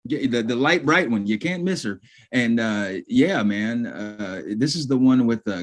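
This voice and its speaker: A man co-hosting a podcast in casual chat. He talks in loose slang, swears freely and calls his co-host bro. His voice sits in a middle pitch. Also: animated, measured pace, hardly any pauses.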